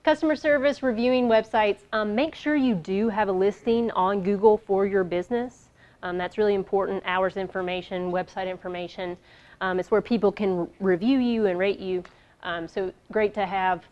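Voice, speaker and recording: A woman's voice: mid-range voice, fairly even intonation, moderate pace, a little mellow. A woman giving a casual business workshop, upbeat, lighthearted and conversational. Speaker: workshop presenter. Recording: dull lo-fi recording.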